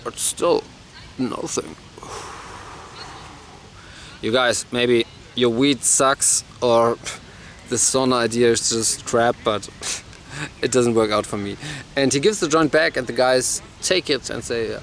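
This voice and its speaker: A man's voice: mid-range voice, takes it slowly, vocal fry, pauses often, a bit bright, a little hiss or hum. A man telling a long rambling joke story, full of fillers and restarts.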